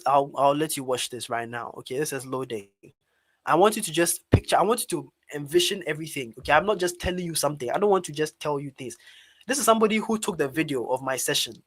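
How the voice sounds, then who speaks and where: Animated high-voiced Ghanaian man. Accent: Ghanaian English. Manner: animated, talks directly to his audience as "guys". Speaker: public speaking trainer. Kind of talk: storytelling in an online webinar.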